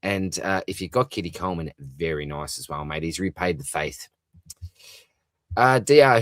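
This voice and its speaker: A man's voice: deep voice, unhurried, no room sound. An Australian man hosting a live fantasy football stream, reading chat comments aloud and replying in a chatty, matey way with lots of fillers. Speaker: fantasy football livestream host.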